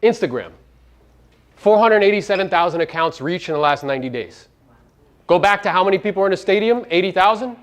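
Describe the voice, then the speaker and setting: Brash, lively-voiced man addressing a crowd. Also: high voice, a little fast. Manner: brash, profane, fires rhetorical questions at the audience. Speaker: speaker teaching real estate agents. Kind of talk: live motivational seminar talk.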